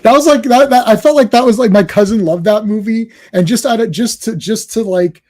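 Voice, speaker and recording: A man co-hosting a casual movie discussion, rambling and animated with quick asides. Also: sits high. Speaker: podcast co-host.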